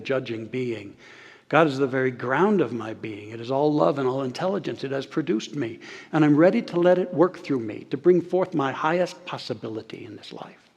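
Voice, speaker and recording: A man preaching a sermon as pastor, earnest, slowing and softening on key phrases and leading the congregation in saying lines back. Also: medium pitch. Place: church sanctuary. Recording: long hall reverb.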